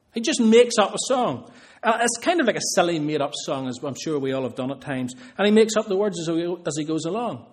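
Earnest preacher, higher voice. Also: male voice. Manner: earnest, builds emphasis through repeated phrases. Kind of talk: sermon.

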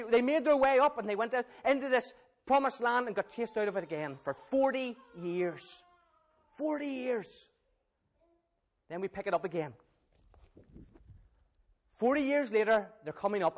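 Animated preacher, high voice. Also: male voice. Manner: animated, questions the audience. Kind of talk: Bible storytelling sermon.

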